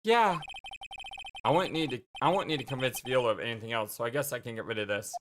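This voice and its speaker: A woman's voice: rumbling low, racing, noisy background. A woman hosting a let's play, chatting casually and self-deprecatingly while reading a game. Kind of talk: casual gameplay commentary. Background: game music.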